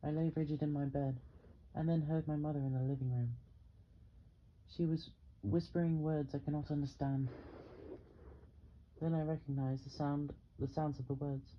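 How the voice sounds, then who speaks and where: A man narrating a novel in the first person, with a steady, measured delivery. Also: a little high, highs cut off, slight background noise. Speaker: audiobook reader.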